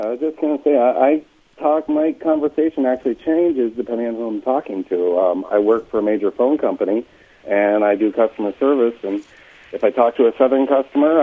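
A man calling in to a radio show over a phone line, talking in a plain, matter-of-fact way. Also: medium pitch. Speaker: caller. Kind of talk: phone-in caller chat.

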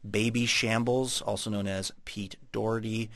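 A man's voice: on the low side, steady tone, moderate pace, fairly bright tone. A man hosting a radio show, chatting casually and wryly with a co-host and a guest. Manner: wry, joking.

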